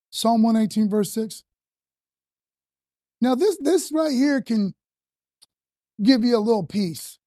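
A man's voice: sits high, dark tone, no echo. A man preaching a sermon in a loose, conversational way, often adding "man" and "you know.". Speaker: pastor.

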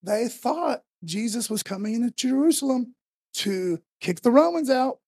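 Gravelly, husky-voiced man preaching a casual sermon. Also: very high voice, animated, moderate pace, no echo. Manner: conversational, emphatic, voice rising to shouts when quoting Moses.

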